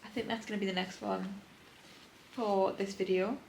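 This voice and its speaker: A woman's voice: medium pitch, flat delivery, moderate pace, creaky, slight background noise, rough recording. A young woman chatting casually about her reading at home, laughing often and sounding tired. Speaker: book vlogger. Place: home indoors.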